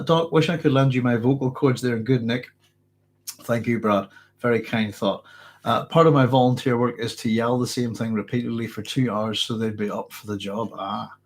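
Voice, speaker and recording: A middle-aged man with a mixed Northern Irish accent and a cold, casually answering live chat questions with many restarts. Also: medium pitch. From Northern Ireland. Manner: rambling, many restarts, chuckles often. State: has a cold, hoarse throat. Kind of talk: casual livestream Q&A.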